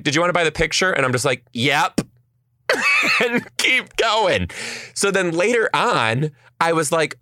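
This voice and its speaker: A young woman hosting a podcast tells a story in casual conversation, acting out what people said and cursing freely. Her voice is very deep, and the clean studio sound has no echo.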